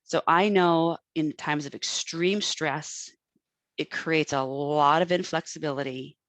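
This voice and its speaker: A woman talking through her own stress and how she calms down, earnest and full of restarts, like a coach working it out aloud. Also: sits low, a little slow, dry recording. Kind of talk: self-help talk.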